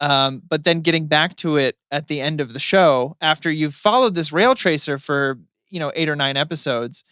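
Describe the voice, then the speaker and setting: A man's voice: fairly high pitch, normal speed, pushed and bright, clear, resonant tone, no room sound, clean studio sound. A man co-hosting a podcast, chatting casually and enthusiastically about a show he loves. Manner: enthusiastic, acts out characters' lines. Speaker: podcast co-host. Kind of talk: casual chat.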